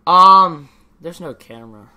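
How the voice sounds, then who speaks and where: A man's voice: high voice, fairly even intonation, a little slow, clean tone, dull audio. A teenage boy vlogging in a casual, rambling way, ranting and swearing freely with lots of fillers. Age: teens.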